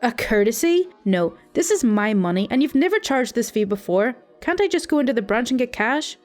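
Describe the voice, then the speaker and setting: A woman's voice: a little high, big pitch swings, a little fast, darkish tone. A grumpy elderly man who won't let go of a complaint, voiced by a woman telling a story. He sounds indignant and stubborn, every sentence an accusation. It's a storytime reading with faint music underneath. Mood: angry. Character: grumpy elderly man calling his bank.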